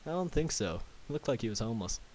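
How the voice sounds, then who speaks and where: A man's voice: medium pitch, very animated, fast talker, a little mellow, lightly acted. A man voicing an earnest, anxious young female unicorn pony in a storybook reading. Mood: worried. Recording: faint tape hiss.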